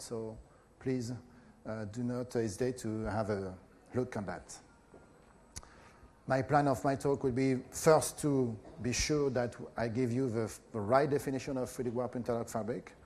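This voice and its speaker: A middle-aged man with a French accent, a professor giving a conference lecture in a hesitant way with many pauses and filler sounds. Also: mid-range voice, warm tone, slight background noise.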